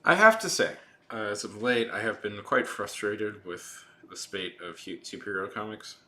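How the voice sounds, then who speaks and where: A man's voice: fairly low pitch, lively intonation, moderate pace, sharp tone. A man streaming and chatting casually with his viewers, rambling with frequent restarts and fillers. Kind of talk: casual chat with live chat while drawing.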